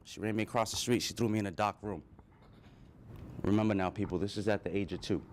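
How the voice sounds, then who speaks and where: A man's voice: fairly low pitch, fairly even intonation, fast, slight background noise. Man telling a personal story to an audience. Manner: earnest, emotional storytelling. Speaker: speaker addressing an audience.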